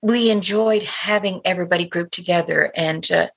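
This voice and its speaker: A woman's voice: fairly low pitch, normal speed, vocal fry, breathy edge. An older woman from Cape Breton, Canada, a guest in an interview, telling stories animatedly and acting out what people said. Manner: animated storyteller, acts out quotes. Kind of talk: conversational interview.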